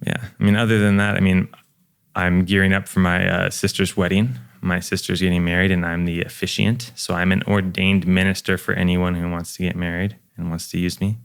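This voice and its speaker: A man's voice: low voice, little pitch movement, brisk, gravelly, smooth. A young man, a guest, chatting casually on a podcast in a laid-back, profane way full of fillers.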